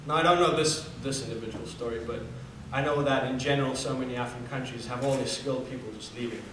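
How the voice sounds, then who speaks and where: A man's voice: mid-range voice, fast, fairly bright tone, slight background noise. Young guy from namibia telling a story on stage, super echoey, mic far away. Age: 20s. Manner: earnest storytelling with fillers and restarts. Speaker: student speaker. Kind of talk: personal story talk.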